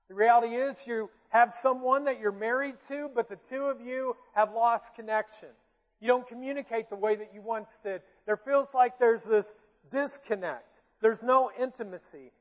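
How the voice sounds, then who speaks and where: High-voiced Southern pastor in an echoing hall. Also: male voice. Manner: conversational preaching, asks the congregation questions, light self-mocking asides. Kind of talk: sermon. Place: church sanctuary. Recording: tinny phone-like sound with long hall reverb.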